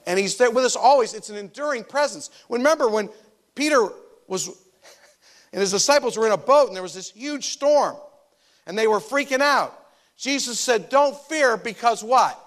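A man preaching a sermon, animated and emphatic, swinging between loud stressed lines and soft quiet drops. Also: high-pitched, moderate pace. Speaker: pastor.

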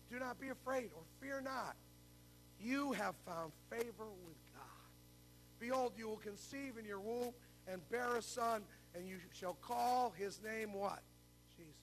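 A man's voice: very high voice, a bit bright, a little hiss or hum. An older man preaching a sermon, telling a story and then asking the congregation to answer his questions aloud. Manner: preaching with call-and-response questions. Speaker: pastor.

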